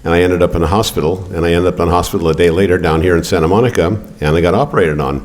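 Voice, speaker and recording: An older man telling a story at a poetry reading in an art gallery, rambling and profane, halting with fillers. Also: low-pitched, a little mellow. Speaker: poet.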